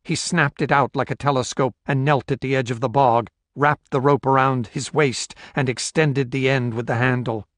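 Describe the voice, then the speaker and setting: Measured male audiobook narrator, dry. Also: medium pitch, no room sound. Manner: steady, measured storytelling with voiced dialogue. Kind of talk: scripted narration.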